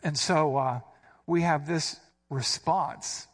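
A man's voice: fairly high pitch, a little slow, faint music behind. A man preaching a sermon, teaching through a Bible passage with emphatic, punchy readings of quoted lines. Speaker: pastor.

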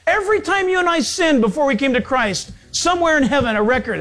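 A man's voice: fairly quick, hardly any pauses. A man preaching an informal sermon, rambling and joking, laughing often and acting out the people in his stories. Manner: rambling, jokey, laughs often, acts out characters; animated, jumps in pitch when quoting.

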